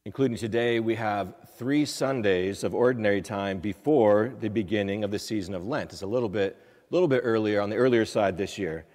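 A man, a priest, giving a relaxed, conversational homily with small fillers and restarts. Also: fairly low pitch, a little fast. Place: church. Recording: long church reverb.

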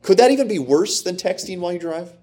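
A man's voice: high-pitched, lively intonation, quick pace, dark tone. Emphatic male preacher. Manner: emphatic preaching with rhetorical questions and repetition. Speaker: pastor. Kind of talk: sermon.

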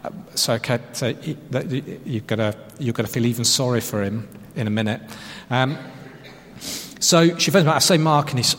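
Preacher in a reverberant hall. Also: male voice, mid-range voice, moderate pace, a bit bright. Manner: storytelling, self-mocking, emphatic on key phrases. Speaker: pastor. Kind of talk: sermon.

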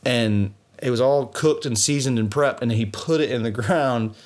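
A man telling stories in a casual chat, animated and laughing often while acting out the people in them. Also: mid-range voice, moderate pace.

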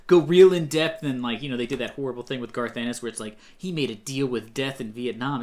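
A man's voice: mid-range voice, fast, few pauses, darkish tone. Sarcastic, rambling male podcast host. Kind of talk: casual chat.

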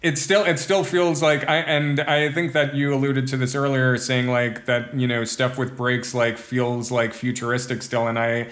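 A man speaks as a podcast guest in a relaxed, thoughtful way, pausing often to search for the right words. His voice stays fairly level with little melody. It sounds roomy and echoey, as though he is recorded in an open room. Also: mid-range voice. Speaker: guest musician. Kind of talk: casual podcast conversation.

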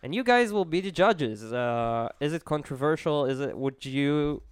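Halting Israeli man with a smooth voice. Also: a little high, expressive, dry recording, studio quality. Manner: hesitant, searches for English words with many fillers. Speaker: podcast co-host. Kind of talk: casual podcast chat.

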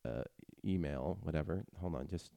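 A man's voice: rumbling low, normal speed, vocal fry, warm tone, dry recording. A man co-hosting a comedy podcast and reading listener mail, wry with fumbling asides. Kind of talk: casual comedic banter.

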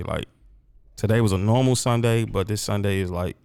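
A man's voice: fairly low pitch, normal speed, creaky, a little mellow, clear, resonant tone. A grieving man in casual conversation, rambling emotionally and repeating himself, often trailing off and starting over. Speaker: guest.

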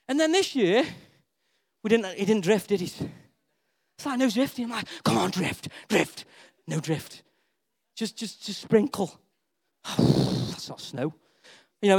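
Gravelly animated preacher. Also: male voice, very high voice. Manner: storytelling, animated, acting out voices. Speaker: pastor. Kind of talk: sermon.

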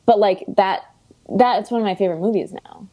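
A woman's voice: mid-range voice, brisk. Chatty woman with a Chicago accent. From Chicago area, US. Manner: chatty and animated, fond of "like". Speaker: podcast guest. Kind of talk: casual chat.

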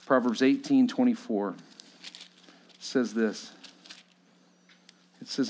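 A male pastor preaching a sermon in an impassioned storytelling style that swells loud and drops to quiet. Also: medium pitch, measured pace, long pauses.

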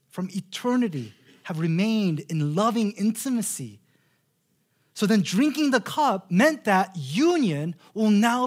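An earnest man in his thirties preaches a sermon. His pitch swings widely up and down, and he slows right down to lean on key phrases, often repeating words as he restarts a thought. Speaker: pastor.

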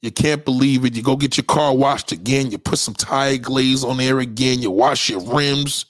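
A man's voice: medium pitch, normal speed, no echo, clean studio sound. A man delivering a profane, comedic rant to camera, telling stories with heavy swearing and street slang. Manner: animated storytelling, acts out quoted voices.

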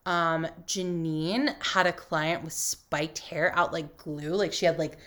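A woman's voice: sits low, steady tone, slow, fairly bright tone. Snarky woman recapping TV with a friend. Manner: snarky, swears casually, acts out quotes. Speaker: podcast co-host. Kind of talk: casual chat recapping a TV show.

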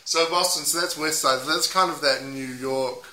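Bright-voiced joking male co-host. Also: a little high, normal speed, a little hiss or hum. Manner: laughing, joking, keeps score. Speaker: podcast co-host. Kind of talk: casual banter. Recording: roomy echo.

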